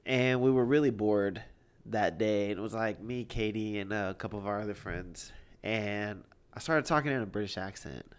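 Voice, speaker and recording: Smooth-voiced man telling stories. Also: fairly low pitch, moderate pace. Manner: joking, rambling storyteller with many fillers. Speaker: podcast co-host. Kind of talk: casual chat.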